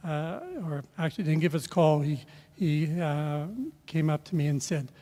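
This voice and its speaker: An older man telling a rambling personal story at a memorial service, halting with many filler pauses and restarts. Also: on the high side, flat delivery, dark tone. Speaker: speaker sharing a memory at a memorial. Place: event room at a memorial service. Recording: long reverb of a large hall.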